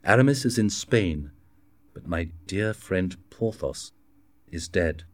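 A man's voice: sits low, lively intonation, takes it slowly. A man reading the part of a loyal musketeer captain, speaking earnestly and plainly. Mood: sad. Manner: earnest, plain-spoken delivery.

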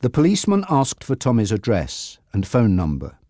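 A man narrating a graded reader audiobook, reading slowly and clearly. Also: mid-range voice, dry recording, clean studio sound. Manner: slow, clear, expressive reading.

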